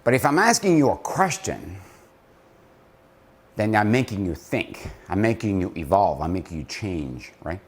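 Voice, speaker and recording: A man leading viewers through slow push-ups while counting aloud, then reflecting on slowing down, a little out of breath. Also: sing-song, breathy edge. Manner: reflective, drops low and soft to make points. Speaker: company founder giving a motivational talk. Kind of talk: casual motivational vlog talk.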